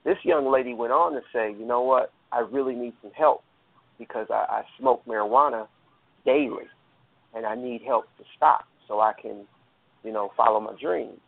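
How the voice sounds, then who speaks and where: A man's voice: mid-range voice, moderate pace, creaky. A man earnestly telling a long personal story, rambling with fillers and restarts, over a phone line. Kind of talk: casual storytelling.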